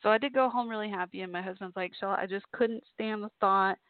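A woman's voice: mid-range voice, a little fast, dry recording. A woman telling a personal story to her listeners in a chatty way, laughing often. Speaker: podcast host. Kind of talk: casual storytelling monologue. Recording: tinny phone-like sound, dry.

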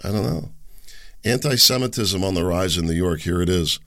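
A man's voice: normal speed, a bit bright. A man hosting a solo political commentary, rambling and sarcastic, often mocking others. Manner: rambling, sarcastic, mocks others in high sneering voices.

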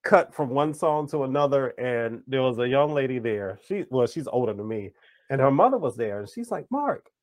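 A man hosting a podcast interview, telling stories in an animated, chatty way. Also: medium pitch, moderate pace, no room sound. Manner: animated storyteller, acts out quoted voices. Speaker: podcast host. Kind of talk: casual conversational interview.

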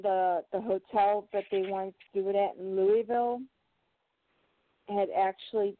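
A woman's voice: mid-range voice, little pitch movement, measured pace. A woman co-hosting a casual chat, explaining things hesitantly with fillers. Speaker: co-host. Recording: tinny phone-like line.

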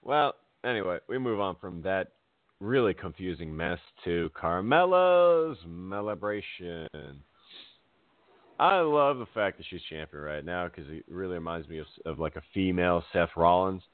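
A man co-hosting a casual wrestling chat, talking in an animated, rambling way and laughing often. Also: deep voice, normal speed, no room sound. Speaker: podcast co-host. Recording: dry, phone-like audio.

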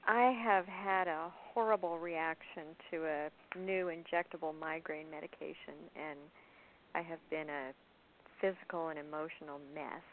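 A woman calling in to a poetry radio show, speaking softly, slowly and deliberately. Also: deep voice, steady tone. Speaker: caller and poet. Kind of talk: phone-in conversation. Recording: tinny phone line with faint hiss.

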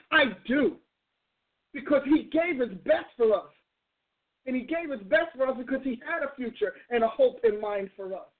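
A woman minister hosts her show with blunt, emphatic exhortation, refusing any soft tone. Her voice sits fairly high. The sound is narrow and tinny, like a phone line. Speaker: talk show host and minister. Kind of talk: preaching call-in style talk.

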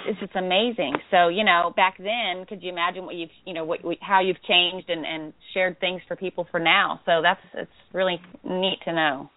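An effusive, giggly woman co-host speaks in a relaxed podcast chat. Her voice comes through a narrow, phone-like line. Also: fairly low pitch, dry recording.

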